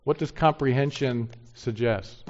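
A man preaching a sermon in an earnest way, rising to emphatic peaks and then dropping soft. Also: mid-range voice, measured pace. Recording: dull lo-fi sound.

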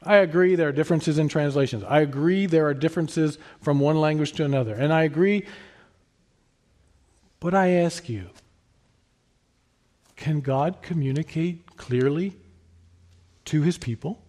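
A man preaching a sermon in an earnest, emphatic way, rising to stress his points and then dropping soft. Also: on the high side, moderate pace, long pauses. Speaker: pastor.

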